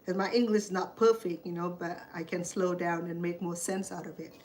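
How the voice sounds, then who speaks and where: A woman's voice: lowish voice, fairly even intonation, fairly quick, a little mellow, slight background noise. A woman with a Cambodian accent, a native Khmer speaker, hosting a cooking show and chatting in a rambling, storytelling way in her home kitchen. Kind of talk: casual chat while cooking.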